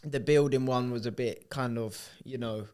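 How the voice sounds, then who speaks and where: A man's voice: mid-range voice, fairly even intonation, normal speed, a little mellow, clear, resonant tone. Matter-of-fact male podcast co-host. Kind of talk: casual chat.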